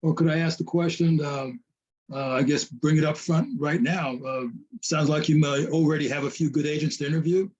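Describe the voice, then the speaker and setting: A man's voice: a little high, fairly even intonation, moderate pace, darkish tone, breathy edge. A man in a coaching group, tentative, thinking aloud as he talks. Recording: dull lo-fi audio.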